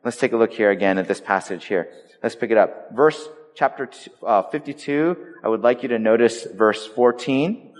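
A pastor preaching a sermon to his church, animated and dramatic, swinging between loud exclamations and slow, quiet lines. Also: medium pitch. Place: church sanctuary. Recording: long reverb of a large hall.

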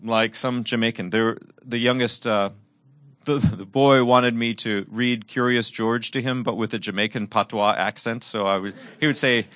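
A middle-aged man preaches with earnest conviction, weaving personal stories into his sermon. His voice sits at an ordinary pitch, rising for emphasis and sinking into soft, hushed reflection. The recording is close and dry, with no room echo. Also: moderate pace.

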